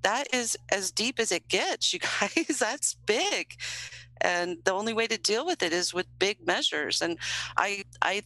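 A woman co-hosting a casual political chat, talking in an emphatic, heated way with quick restarts. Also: mid-range voice, expressive, bright, forceful tone, no echo, low-quality recording. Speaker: podcast co-host.

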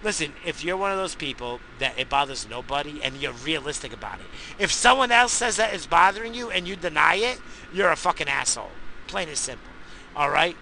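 A man in a profane, angry rant who swears constantly and bursts into shouting. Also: a little high, animated, brisk, vocal fry, slight background noise, low-quality recording.

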